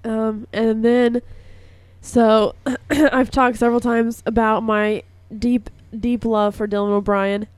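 A young woman hosting a college radio show in a chatty, gushing way, her voice hoarse and coughing. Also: on the high side, flat delivery, slow pace, a little mellow, no echo. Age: young adult. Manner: chatty and gushing, filler-heavy. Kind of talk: casual radio chat. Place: radio studio.

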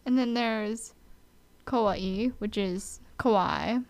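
Animated Hawaiian woman, slow and emphatic. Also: mid-range voice. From Hawaii, Oahu. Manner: animated, emphatic, mock-exasperated. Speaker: vlogger. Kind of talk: casual chat.

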